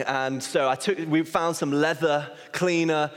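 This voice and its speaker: A man's voice: on the high side, fairly even intonation, brisk, few pauses, a little hiss or hum. Man preaching in an echoing hall. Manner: earnest, self-deprecating storyteller. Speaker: associate pastor. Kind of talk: sermon with personal storytelling. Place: church hall. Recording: long reverb of a large hall.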